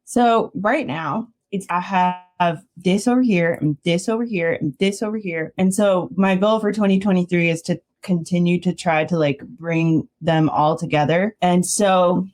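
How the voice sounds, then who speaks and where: A woman art therapy counselor speaking as a guest in a casual interview, animated and quick to laugh, acting out the voices of the people she quotes. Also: lowish voice.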